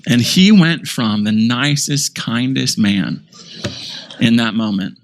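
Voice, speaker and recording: A man pastor preaching a sermon, telling a story in an animated way and calling himself a little sarcastic. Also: medium pitch, slow pace.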